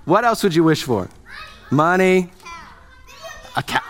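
A man's voice: on the high side, expressive, takes it slowly, pauses often, faint music behind. Joking, conversational man preaching a sermon. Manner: conversational, joking, asks the congregation questions. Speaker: pastor.

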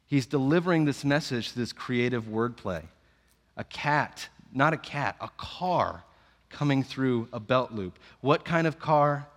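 A man preaching a sermon, telling the story in a playful, animated way with jokes. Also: medium pitch, unhurried, big-room sound.

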